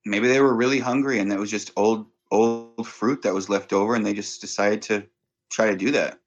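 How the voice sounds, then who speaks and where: A man's voice: fairly low pitch, fairly even intonation, normal speed, muffled recording. A man in casual podcast banter, answering in a wry, laid-back way.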